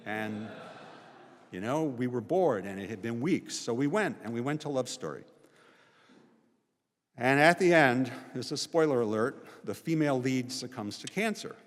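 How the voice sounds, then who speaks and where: A man in his sixties, a visiting professor, talks through personal stories in an easy conversational way. He often checks in with a quick "right?" Long reverb from the chapel hangs behind every phrase. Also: medium pitch, lively intonation. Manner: conversational, frequent "right?" tags. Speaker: guest speaker, sociology professor. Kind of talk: personal storytelling talk. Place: college chapel.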